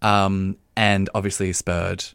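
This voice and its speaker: Male podcast co-host, very low voice, dry close mic, lively critic banter. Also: vocal fry, clear, resonant tone, no room sound. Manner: animated, quick, laughs often, many fillers. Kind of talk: casual review chat.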